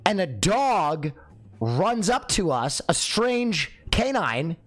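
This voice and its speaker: A young adult man telling a comic story in a lively way, acting out the dialogue. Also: takes it slowly, soft background music. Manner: lively, acts out dialogue with swinging pitch.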